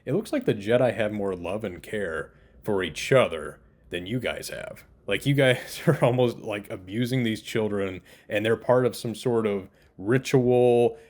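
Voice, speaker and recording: A man giving a casual spoken TV review, exasperated and incredulous, often laughing in disbelief. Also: lowish voice. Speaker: TV show reviewer.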